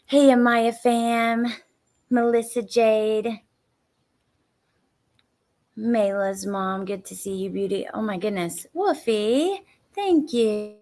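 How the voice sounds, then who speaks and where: A woman's voice: mid-range voice, fairly even intonation, slow pace, pauses often, darkish tone. Exhausted, frustrated woman streamer. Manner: frustrated, blunt, swears, greets chat by name. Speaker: true crime live stream host. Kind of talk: casual live stream chat.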